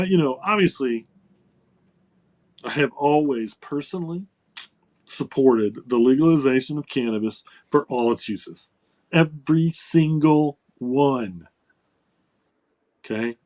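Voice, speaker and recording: Rambling man hosting a talk show. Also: mid-range voice. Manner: rambling, many fillers and restarts. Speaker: host.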